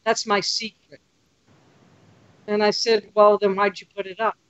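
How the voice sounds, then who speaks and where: A woman guest on a podcast, telling lively stories and acting out what people said. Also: medium pitch, a little slow, smooth, dull audio. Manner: lively storyteller, acts out quotes. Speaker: podcast guest, photography tour leader. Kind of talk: casual podcast chat.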